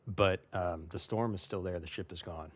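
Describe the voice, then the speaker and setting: A man's voice: low voice, steady tone, normal speed, slightly rough. A man narrating as game master of a tabletop game, loose and hesitant with fillers.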